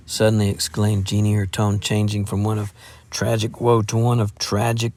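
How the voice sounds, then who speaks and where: A man narrating an audiobook in a steady, measured way. His voice sits on the lower side. He reads the story through at an even storytelling pace. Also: no echo. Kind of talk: scripted narration.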